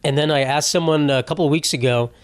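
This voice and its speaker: A man hosts his own comedy podcast alone, talking in a loose, meandering way and swearing freely. He often mocks himself as he goes. His voice sits somewhat high, and the close mic leaves the sound dry with no room around it. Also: fast talker, smooth, no room sound. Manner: rambling, profane, self-mocking storyteller. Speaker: podcast host. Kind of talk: solo comedy podcast monologue. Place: home setup.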